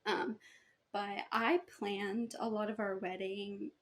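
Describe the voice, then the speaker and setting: A woman's voice: mid-range voice, flat delivery, slow pace. A woman co-hosting a podcast in a casual chat, reacting to her friend and starting her own story with hesitant fillers. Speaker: podcast co-host.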